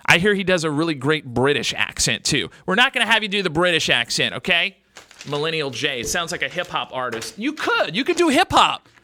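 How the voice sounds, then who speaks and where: A man's voice: on the high side, animated, brisk, sharp tone, dry recording. A man hosting a radio talk show, rambling and blunt, with crude words and many fillers.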